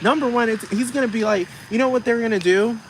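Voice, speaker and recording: A man ranting casually in a profane, gossipy, animated way. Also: very high voice, quick pace. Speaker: vlogger. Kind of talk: casual rant to camera. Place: city street outdoors. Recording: noisy outdoor street recording.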